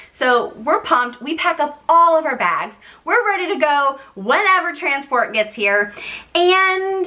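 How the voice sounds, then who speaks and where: Young woman, casual to-camera storyteller, bright and a touch high, lively delivery. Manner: chatty, animated, acts out quoted voices. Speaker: vlogger.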